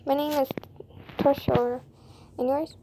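A woman reading an easygoing young man who teases lightly. The voice is high, slow and a little gravelly, in a comic dub. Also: little pitch movement, mellow, a little hiss or hum. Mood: playful.

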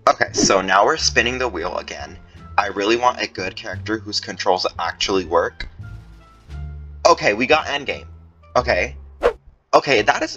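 A man giving excited gameplay commentary, his voice jumping high when tense. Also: muffled recording. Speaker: gaming YouTuber.

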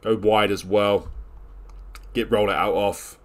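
A man commentating live on his own video game play, scolding and exasperated, lurching from loud outbursts to low grumbling mutters. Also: fairly even intonation, takes it slowly.

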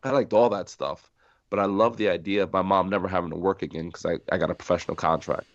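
A middle-aged man from New Jersey, a podcast guest telling stories in a lively way, acting out the people he quotes. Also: low-pitched, fast, no echo. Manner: animated storyteller acting out quoted voices, laughing often. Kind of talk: storytelling in a podcast interview. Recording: dry muffled sound.

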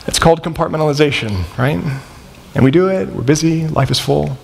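Thirties male chapel speaker, storytelling sermon, lively delivery, long chapel-hall reverb. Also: fairly high pitch, brisk, vocal fry, breathy edge. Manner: animated, acts out the dialogue in his stories. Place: large college chapel.

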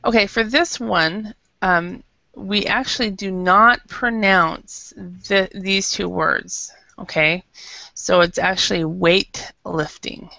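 A woman teaching an English class over a video call, explaining patiently and slowly with many fillers. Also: medium pitch, fairly even intonation, vocal fry, sharp tone, no room sound. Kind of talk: online English lesson. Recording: dull lo-fi video call audio.

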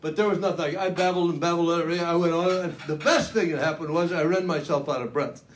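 Speaking fast with fairly even intonation, an older man from the United States delivers a luncheon keynote in an event hall. His voice is a little high. He tells his own story folksily and dramatically, poking fun at himself.

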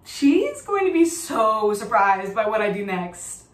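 A woman's voice: fairly high pitch, very animated, measured pace. A woman playing a giddy young woman who chats breezily about her imaginary celebrity friend, in an audition monologue. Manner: chatty, breezy, full of fillers. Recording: echoey room, mic at a distance.

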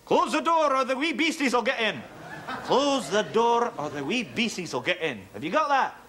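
Brief: a high, bright-voiced Scottish language teacher on TV, cranky and blustery, pitch leaping all over. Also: male voice, very animated, normal speed, slight background noise, full character voice. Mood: lecturing. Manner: blustery, grumbling, scolding. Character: cranky middle-aged Scottish TV phrase teacher, grumbling. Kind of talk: sketch comedy acting.

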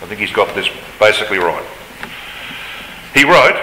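A man's voice: lowish voice, moderate pace, bright, forceful tone, slight background noise. A man giving an emphatic Bible study lecture, his voice rising when he reads scripture aloud. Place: large lecture hall. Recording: roomy hall reverb, faint ambience.

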